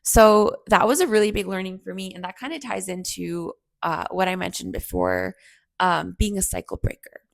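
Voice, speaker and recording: A woman's voice: lowish voice, expressive, normal speed, gravelly, dry recording. A woman in her thirties hosting a podcast, chatting reflectively through a personal story and acting out the people in it. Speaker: podcast host.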